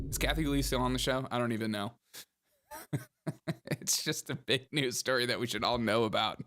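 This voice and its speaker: A man's voice: mid-range voice, normal speed, pauses often, background noise. A young man hosting a comedy show, riffing sarcastically on the news and laughing often. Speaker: podcast host. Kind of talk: comedic political commentary.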